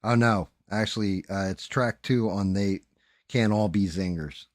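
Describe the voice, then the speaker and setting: A man's voice: fairly low pitch, a little slow, no room sound, clean studio sound. A man hosting a live stream, chatting casually, cursing freely and often trailing off mid-sentence. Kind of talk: casual chat while painting 3D prints.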